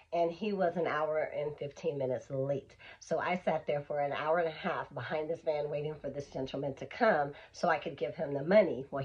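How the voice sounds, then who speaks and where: A woman vlogger telling an animated, emphatic storytime, on a dull lo-fi recording. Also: sits low, slightly rough. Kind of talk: storytime vlog.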